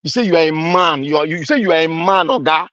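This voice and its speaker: A man's voice: on the high side, fast talker, a bit bright, no room sound, highs cut off. A Nigerian man delivering an impassioned, accusatory political rant, repeating his points with heat. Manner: fiery, accusatory, repetitive. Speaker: commentator.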